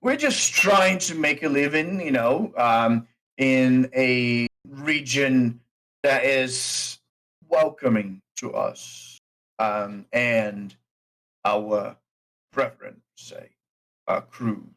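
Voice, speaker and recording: A man voicing a big, proud male orc pirate who deals cards and boasts in slow, drawn-out speech. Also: mid-range voice, fairly bright tone, rough recording. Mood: boastful.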